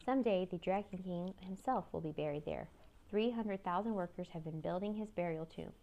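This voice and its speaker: Lady reading a worried old scholar guy, kinda gravelly, urgent. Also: on the low side, a little fast, mellow, close to an everyday voice. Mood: explaining.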